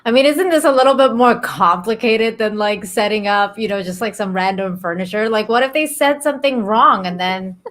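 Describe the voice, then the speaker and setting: A woman's voice: mid-range voice, normal speed, hardly any pauses, fairly bright tone. A female co-host in a casual online chat, asking curious questions in a rambling, chatty way. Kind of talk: casual live-stream chat.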